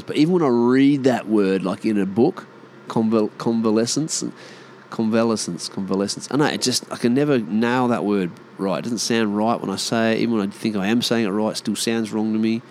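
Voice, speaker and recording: Australian man, casual rant, swears a lot, lowish voice, faint engine noise behind. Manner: blunt, swears freely, ranting. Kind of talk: casual rambling monologue.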